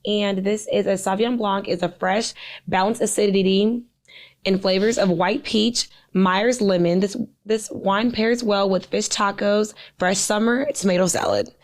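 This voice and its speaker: A woman co-hosting a podcast in loose, profane casual chat, animated and fond of reading aloud. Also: medium pitch, a little slow. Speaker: podcast co-host.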